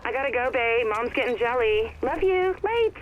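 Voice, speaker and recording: Actress as a bubbly, high-voiced woman, swooping intonation, slangy. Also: expressive, moderate pace, muffled recording, slight background noise, lightly acted. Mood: gushing.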